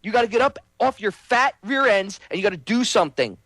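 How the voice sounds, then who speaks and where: A high-voiced man delivers a heated political rant, hammering listeners with repeated rhetorical questions. His voice sounds close and dry, with no room around it. He speaks as the host of his own show. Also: lively intonation, brisk, a bit bright, no echo.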